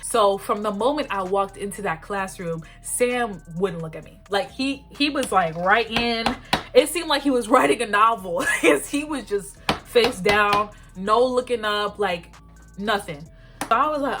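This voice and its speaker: A young woman in her twenties tells a storytime in a loose, chatty way, full of slang and "like". Her pitch sits in the middle for a woman. A faint music bed plays underneath. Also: measured pace. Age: 20s. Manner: chatty, peppered with "like", slangy and animated. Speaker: beauty vlogger. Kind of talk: casual storytime chat.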